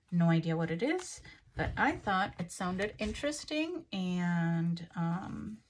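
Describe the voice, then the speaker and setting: Slow-talking woman vlogging crafts. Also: lowish voice, very animated, a little hiss or hum. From Puerto Rico. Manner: chatty, unwrapping and reading items aloud. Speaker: craft channel host. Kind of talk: casual crafting haul vlog.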